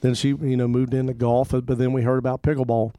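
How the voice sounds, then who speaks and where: A man's voice: mid-range voice, level tone, quick pace, mellow, no room sound, studio quality. A pastor co-hosting a Christian radio talk show, speaking in an easygoing, rambling way and often repeating words while he thinks. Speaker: pastor and co-host.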